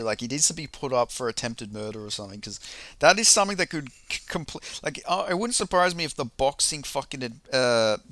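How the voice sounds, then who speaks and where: A man's voice: medium pitch, bright, forceful tone, no room sound. A young man in a casual vlog, ranting about fights in a profane, rambling, heated way. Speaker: MMA commentator.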